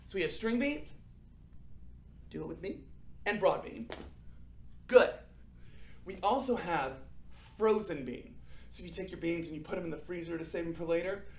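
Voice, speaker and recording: A young adult man teaching children a drama warm-up, upbeat and encouraging, checking in often. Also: high-pitched, normal speed, long pauses, reverberant. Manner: upbeat, encouraging, frequent "okay?" check-ins. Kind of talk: guided acting warm-up for children.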